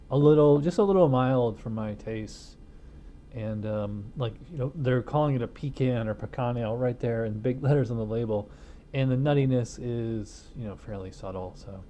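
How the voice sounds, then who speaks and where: A man's voice: mid-range voice, warm tone, a little hiss or hum. A middle-aged man reviewing a beer on his own channel, talking in a loose, rambling way with lots of fillers. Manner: rambling, filler-heavy, laid-back. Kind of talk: casual chat.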